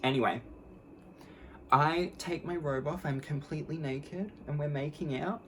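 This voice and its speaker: A woman's voice: sits low, measured pace, noisy background. A young adult woman telling a story on her vlog, candid, blunt and sarcastic, mocking the people in it with put-on voices. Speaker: vlogger.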